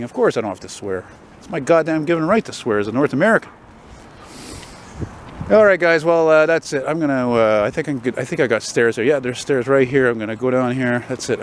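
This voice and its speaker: A man's voice: mid-range voice, slight background noise, low-quality recording. A man rambling and swearing as he films a walking vlog on a city street with a handheld camera. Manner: rambling, profane, wry asides. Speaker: vlogger.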